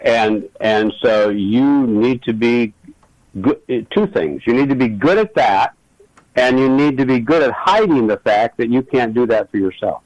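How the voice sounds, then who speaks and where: A man's voice: mid-range voice, expressive, measured pace, a little mellow, no room sound, dull audio. A middle-aged man, a regular guest, talking earnestly and telling stories in a reflective conversation. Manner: earnest, storytelling.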